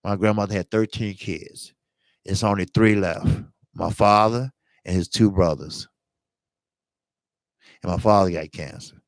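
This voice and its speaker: A man's voice: lowish voice, measured pace, long pauses, dry recording. A man hosting a boxing channel, talking casually on a live stream in an earnest, blunt way and repeating himself for emphasis.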